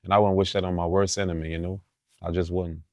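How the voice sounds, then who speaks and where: A man with a fairly low voice talks in casual, profane street slang as an interview guest. His stories are animated and blunt, with laughs in between. The sound is close and dry. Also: quick pace, no room sound.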